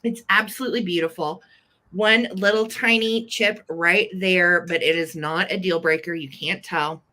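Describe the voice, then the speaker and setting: A woman's voice: lowish voice, steady tone, normal speed, sharp tone. A woman with an American accent hosting a live online auction, gushing over each piece and counting down bids. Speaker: live-sale host.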